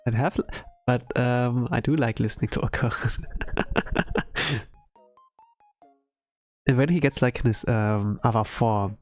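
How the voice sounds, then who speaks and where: A man's voice: medium pitch, slow, pauses often, soft background music. A man streaming himself drawing, chatting casually and rambling with lots of "like" and "um" fillers. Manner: rambling, heavy use of "like" and "um". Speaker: art streamer. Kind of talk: casual chat while drawing on a livestream.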